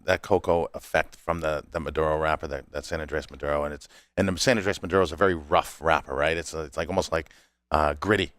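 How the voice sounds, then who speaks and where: Deep, smooth-voiced man telling stories. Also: dry recording, clean studio sound. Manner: animated storyteller, laughs between lines. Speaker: cigar company owner, guest. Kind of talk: casual storytelling chat.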